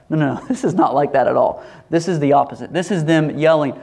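A pastor preaching a sermon in a lively, animated way, acting out voices as he tells the story. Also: a little high, fast, creaky, few pauses. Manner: animated, acts out quoted voices, laughs.

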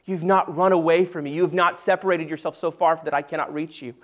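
A man preaching a sermon, reading scripture aloud and slowing down and softening his voice to stress key points. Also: sits high. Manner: earnest preaching, slows and softens for emphasis. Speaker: pastor.

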